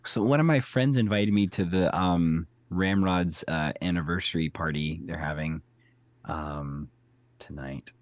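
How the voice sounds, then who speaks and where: Man, podcast co-host, very low voice, casual riffing, dry close mic. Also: dry recording. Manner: chatty, quick to correct and riff. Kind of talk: casual chat.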